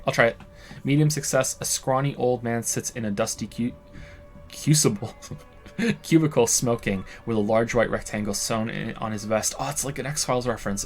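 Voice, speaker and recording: Man reading game text, laughing. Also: lowish voice. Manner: reads game text aloud, breaks into laughter, swears casually. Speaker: streamer. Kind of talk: let's play game commentary, reading dialogue aloud.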